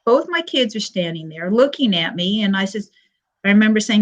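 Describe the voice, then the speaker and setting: A woman's voice: mid-range voice, expressive. Older woman, muffled lo-fi stream. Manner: halting, frequent pauses and fillers, retelling with quoted dialogue. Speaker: panel guest sharing her story. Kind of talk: personal testimony on a live stream.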